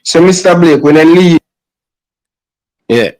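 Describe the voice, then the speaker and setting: Brief: man host, easygoing and teasing, slightly high voice, dry close sound. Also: slow pace, a little mellow, no room sound, low-quality recording. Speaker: podcast host. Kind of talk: casual chat.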